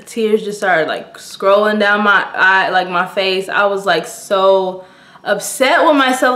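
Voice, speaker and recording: A young adult woman vlogger tells a story-time tale in a breathless, dramatic way, dropping "like" all over her speech. Her medium-pitched voice is fairly bright, moves at a normal speed, and has a roomy sound.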